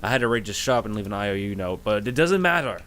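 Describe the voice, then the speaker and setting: A man voicing an eager, helpful male adventurer companion who rambles when he is excited, in a tabletop game. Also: on the low side, fast, clean tone.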